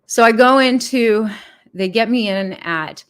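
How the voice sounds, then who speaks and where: A woman's voice: a little high, unhurried, smooth. A woman vlogger telling a story in a casual livestream chat, emphatic, exasperated and blunt.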